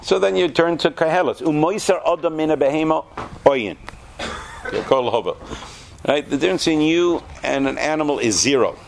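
A male teacher speaking to a room of students in an animated, conversational way. His voice sits slightly high, and he keeps stopping to quiz the class. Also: normal speed, gravelly, slight background noise. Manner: animated, asks the class questions. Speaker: yeshiva teacher. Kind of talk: lecture to students.

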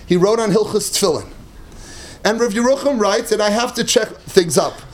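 Animated high-voiced man giving a Torah class. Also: normal speed. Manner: animated, rising to near-shouts, laughing at own jokes. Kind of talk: Torah lecture.

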